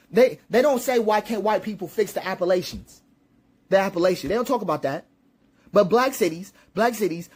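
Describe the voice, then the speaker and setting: A man's voice: high-pitched, a little mellow. A man giving impassioned spoken commentary, preachy and repetitive, with rhetorical questions and emphatic peaks.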